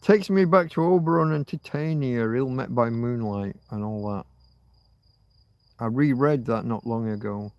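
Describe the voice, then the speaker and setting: A man's voice: medium pitch, a little slow, no room sound, highs cut off. A man hosting a livestream, thinking aloud in rambling casual chat, often muttering and swearing to himself. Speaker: livestream host.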